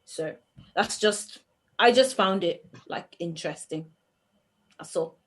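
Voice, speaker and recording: A woman's voice: lowish voice, takes it slowly. Woman, blunt, giggly, casual podcast chat. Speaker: podcast co-host.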